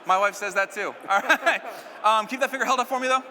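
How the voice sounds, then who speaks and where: A man's voice: high-pitched, fairly quick, bright, forceful tone, big-room sound, a little hiss or hum. A man performing stage magic on a live stage, keeping up joking banter with a volunteer and the crowd.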